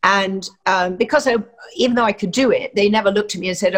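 A woman's voice: medium pitch, fairly quick, a bit bright. An older woman from England with a standard southern English accent, telling stories from her acting career with many fillers and restarts. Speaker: actress guest. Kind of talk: anecdotal interview talk.

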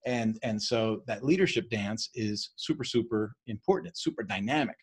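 Husky fast-talking male teacher. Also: lowish voice, lively intonation. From East Coast of the US. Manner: fast-talking, keeps checking in with "right?". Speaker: leadership study leader. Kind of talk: casual teaching on a leadership book.

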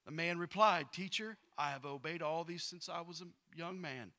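Pastor guy preaching, kinda high bright voice, gets loud then drops quiet, talks real casual between bible verses. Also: normal speed. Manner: animated preaching, swings from loud bursts to quiet, reading scripture aloud; casual slang and repetition. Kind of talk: sermon.

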